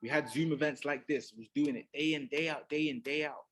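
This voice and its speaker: A man's voice: fairly high pitch, steady tone, a little fast, a bit bright. A man giving an emphatic motivational talk as a business mentor, often checking in with "right?". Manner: emphatic, keeps adding "right?".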